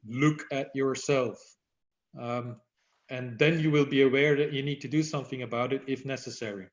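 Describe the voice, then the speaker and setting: A man giving an online workshop for badminton umpires, explaining and demonstrating how to use the voice. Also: a little high. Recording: echoey, dull lo-fi audio.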